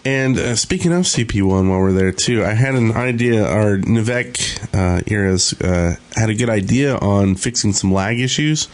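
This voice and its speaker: A man with a fairly low voice co-hosting a gaming podcast. He talks haltingly, with frequent pauses as he lays out plans. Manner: hesitant, full of uh fillers. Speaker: podcast co-host. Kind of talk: casual podcast chat.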